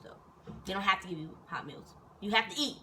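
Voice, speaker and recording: A young woman and soldier telling stories in a casual, animated, profane and rambling chat, recorded indoors. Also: mid-range voice, brisk. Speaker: vlogger and soldier. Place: indoors in Korea. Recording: distant mic with faint noise.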